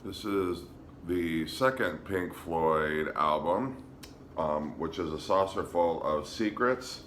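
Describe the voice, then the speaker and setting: Low bright-voiced man showing records. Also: takes it slowly, slight background noise. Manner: relaxed, hesitant with frequent ums. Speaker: vinyl collector showing records. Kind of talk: casual show-and-tell vlog.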